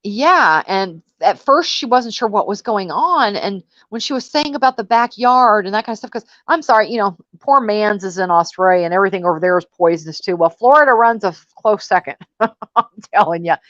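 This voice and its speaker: A chatty woman hosts a casual online talk and tells stories with exasperated emphasis. Her voice sits at a middle pitch and sounds slightly muffled and lo-fi. The room is dry, with no echo. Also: lively intonation, a little fast, fairly bright tone. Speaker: host. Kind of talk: casual panel chat.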